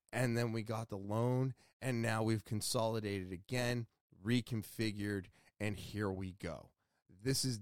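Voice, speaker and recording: A man's voice: mid-range voice, no echo. Man, podcast host, casual monologue, blunt and self-critical, sore ribs, mid-range voice, dry close sound. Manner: candid, self-scolding, swears freely. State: sore ribs from a ruptured muscle.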